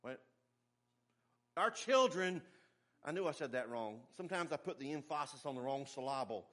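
Pastor, male, middle-aged; emphatic, folksy sermon delivery, slightly high-pitched. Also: animated, moderate pace, fairly bright tone. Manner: folksy, emphatic preaching with asides and humor.

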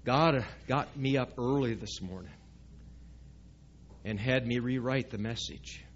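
A man's voice: mid-range voice, unhurried, dull audio, slight background noise. Conversational male preacher. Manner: conversational preaching, asks the congregation questions. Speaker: pastor. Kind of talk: sermon. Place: church sanctuary.

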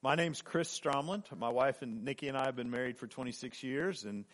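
A man in his forties from Oklahoma, a guest preacher giving a sermon and telling a story, halting with fillers and restarts. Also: medium pitch.

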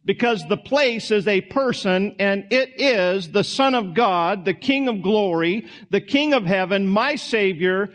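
Male pastor with a high voice, delivering a relaxed, folksy sermon that wanders into asides. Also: a little slow, few pauses. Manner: conversational, folksy, with small asides and restarts.

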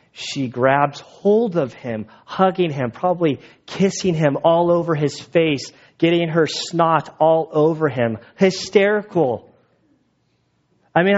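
A man preaching a sermon in a casual, conversational way, retelling the text with asides. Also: on the high side. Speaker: pastor. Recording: dull lo-fi recording.

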